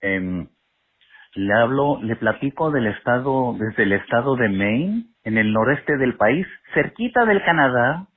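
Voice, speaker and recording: A man calling in to a show by phone, courteous and halting, with frequent fillers. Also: medium pitch, expressive, slightly rough. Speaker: caller. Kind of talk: phone call-in. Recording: tinny phone line.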